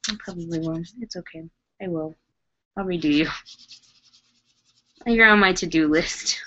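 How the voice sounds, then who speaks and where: Working on her dolls, this collector vlogger talks at normal speed in a fairly low but fairly bright voice. She chats casually and rambles with lots of fillers, and the sound is lo-fi.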